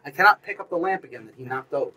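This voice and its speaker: Rapid-fire and jumpy, a gaming YouTuber swears, yelps and argues with a virtual reality horror game while narrating his let's play, probably through a headset mic. His voice is a little high with lively intonation, a sharp tone and a breathy edge, captured on a rough recording.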